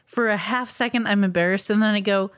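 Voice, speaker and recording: A woman's voice: medium pitch, fairly quick, clean tone, no room sound, studio quality. A woman co-hosting a podcast in casual chat, wry and matter-of-fact. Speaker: podcast co-host.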